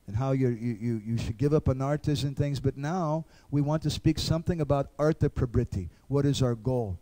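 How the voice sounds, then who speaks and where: A man's voice: medium pitch, dark tone. A man giving an earnest devotional lecture, acting out little dialogues.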